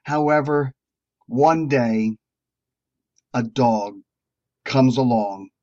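A man preaching to a recovery group, telling a parable slowly and drawing out words with emphatic rises. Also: medium pitch, a little mellow. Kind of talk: sermon storytelling. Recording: dull lo-fi recording.

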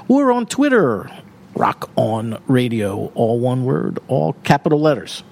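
A man's voice: on the low side, a little slow, creaky, a little hiss or hum. A man hosting a radio show in a studio, joking and laughing often between announcements. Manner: jokey, laughs often, lively announcer delivery. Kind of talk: casual studio radio chat.

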